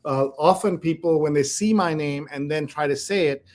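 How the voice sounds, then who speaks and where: A man's voice: a little high, moderate pace. Chatty middle-aged man hosting. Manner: chatty, storytelling, laughs often. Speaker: host. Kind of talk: casual news discussion.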